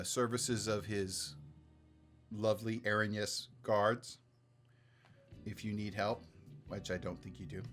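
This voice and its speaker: A man narrating a tabletop role-playing game as game master, halting with many fillers and restarts. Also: fairly low pitch, fairly bright tone.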